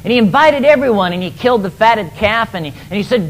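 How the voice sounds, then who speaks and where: A man's voice: sits high, animated, fast, hardly any pauses, a little hiss or hum, low-quality recording. A man preaching, retelling a parable emphatically and often repeating words as he goes. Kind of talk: sermon storytelling.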